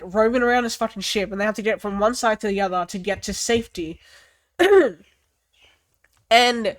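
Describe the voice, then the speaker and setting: A young woman with a fairly high-pitched voice reviews a film in a casual, animated rant. She swears freely and fills pauses with "like" and "um."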